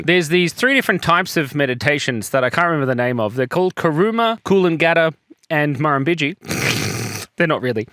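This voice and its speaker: A man's voice: medium pitch, a bit bright, smooth, no room sound, studio quality. A man talking casually in a personal vlog, joking and self-deprecating while getting choked up, and coughing as he gets over a chest infection. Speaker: vlogger.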